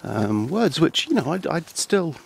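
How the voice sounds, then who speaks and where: Slow, gravelly man rambling deadpan. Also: fairly high pitch, slight background noise, poor audio. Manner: hesitant, halting, full of ums and restarts; dry, self-deprecating. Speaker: comedy vlogger. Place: outdoors on a countryside path.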